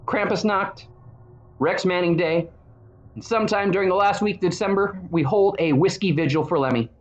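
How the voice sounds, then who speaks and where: Man in his forties, high voice, wry and irreverent, muffled recording with faint hum. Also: moderate pace. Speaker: church founder and video host. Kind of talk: scripted monologue.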